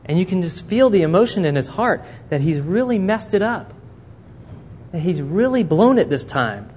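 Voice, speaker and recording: A man's voice: fairly high pitch, normal speed. A man preaching a sermon, telling a Bible story and acting out the characters' words. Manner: animated storytelling, acting out quotes. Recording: long reverb in a hall, faint noise.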